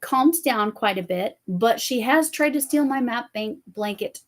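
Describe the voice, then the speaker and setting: A woman's voice: on the high side, animated, unhurried. A middle-aged woman from the United States hosting a casual crafting chat, rambling and laughing often. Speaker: host, crafter.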